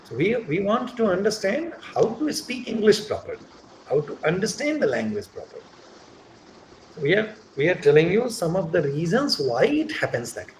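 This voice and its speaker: Male teacher, animated higher voice, explains step by step, checks understanding, echoey room with faint noise. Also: normal speed. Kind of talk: live online class explanation.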